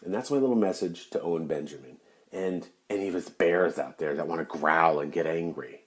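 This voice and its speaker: A man's voice: low voice, a little fast. A man hosting his own podcast, delivering an angry, profane, mocking rant straight to the listener. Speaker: podcast host.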